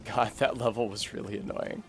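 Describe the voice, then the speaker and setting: A man with a New England accent streaming a game, joking sarcastically, swearing and sometimes shouting in frustration. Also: lowish voice, steady tone, brisk, soft background music. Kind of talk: casual gameplay commentary.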